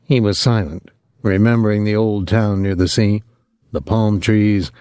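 A man narrating a novel in a calm, measured voice. His voice sits low and mellow. The dry, close recording has no room sound. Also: clear, resonant tone, no room sound. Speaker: audiobook narrator. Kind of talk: scripted narration.

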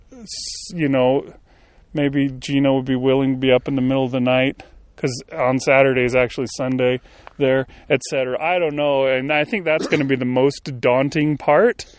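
A podcast co-host chatting casually outdoors, thinking aloud with fillers. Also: male voice, fairly high pitch, no room sound. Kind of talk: casual chat. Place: outdoors on a hill.

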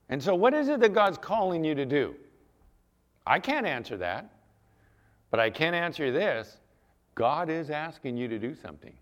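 Male pastor, conversational sermon delivery, animated pitch, chatty questions to the congregation.

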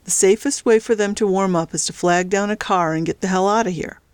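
A woman's voice: medium pitch, a little fast, smooth, no room sound, close to an everyday voice. A woman voicing a cold, controlling male crime boss in a storybook reading.

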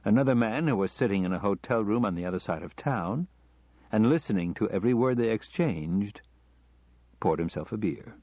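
A man narrating an audiobook story in a measured, even storytelling manner. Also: fairly low pitch, no room sound. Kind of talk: scripted narration. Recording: slightly dull lo-fi recording.

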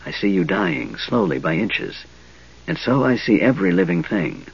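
A man voicing a frail, cold young mage in a soft, wheezing, hissing whisper. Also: fairly low pitch, lively intonation, normal speed, breathy edge, no echo, lo-fi sound.

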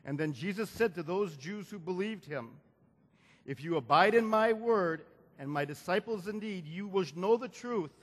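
This preacher's voice sits high and sounds fairly bright and animated, moving at a normal speed. He repeats phrases, builds toward emphatic climaxes, and prompts the congregation to respond, all within a long hall reverb.

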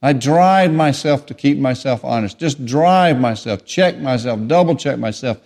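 A man preaching a sermon, emphatic and repetitive, swinging between raised declarations and quiet asides. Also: mid-range voice, lively intonation, a little slow.

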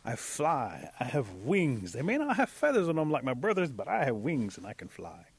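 A man voicing a greedy, boastful little male bat in an oral folktale, speaking higher and drawing out his pleading words. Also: wildly swooping pitch, slightly rough, full character voice. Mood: insistent. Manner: raised pitch, drawn-out insistent pleading. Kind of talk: oral storytelling.

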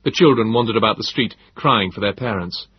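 A man narrates a novel in a calm, measured, descriptive manner. His low voice is very husky and breathy. The recording sounds dull and muffled. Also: dry recording. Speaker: audiobook narrator. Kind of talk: scripted narration.

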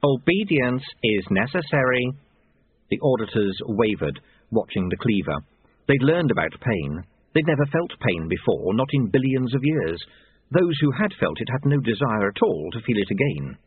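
A man narrating an audiobook in an expressive, wide-ranging way. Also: on the low side, normal speed, breathy edge, no room sound. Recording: tinny lo-fi phone-like audio.

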